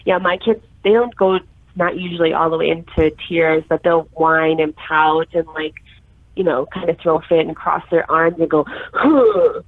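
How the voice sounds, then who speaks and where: A woman chatting casually as a podcast guest, a stay-at-home mom who acts out her kids and herself with lively energy. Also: deep voice, normal speed, no room sound, narrow, tinny audio. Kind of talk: casual chat.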